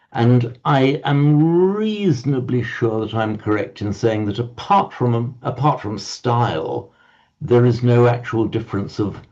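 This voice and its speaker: A man teaching a Sanskrit class online, explaining slowly and often repeating words as he searches for them. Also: mid-range voice, warm tone, muffled recording.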